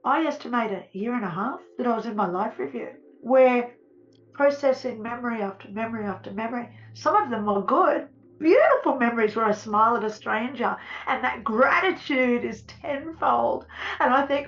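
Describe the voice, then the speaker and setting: A woman's voice: on the high side, moderate pace, highs cut off. A woman earnestly telling her own near-death experience, tearful at times and dwelling on her feelings. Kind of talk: emotional first-person testimony.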